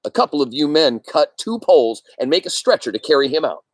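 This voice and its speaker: A firm, no-nonsense leader of a hunting party , read by a man doing the voices. He speaks with plain authority and gives clear orders. The delivery is close and dry. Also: on the high side, big pitch swings, a little fast, no echo. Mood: stern. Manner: firm, commanding. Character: stern grown man taking command.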